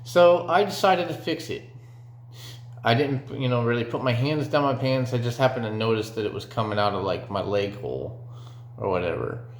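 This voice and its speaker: A man's voice: mid-range voice, normal speed. A young man telling a story from his own life in a casual, rambling way, with lots of fillers and swearing. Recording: echoey room.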